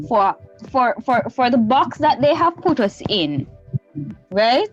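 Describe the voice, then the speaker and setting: A woman's voice: a little high, sing-song, slow pace, highs cut off, faint music behind. A Jamaican woman bantering on a talk show panel, teasing the others, laughing often and slipping into patois. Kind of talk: lively casual banter.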